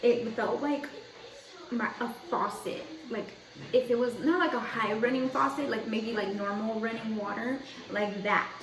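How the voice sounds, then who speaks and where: Young woman vlogger, fairly high voice, chatty rambling storyteller; roomy echo, mic set back from her. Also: measured pace, crowd noise. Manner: chatty, rambling, heavy use of "like". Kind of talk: casual storytelling. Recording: echoey room, mic at a distance.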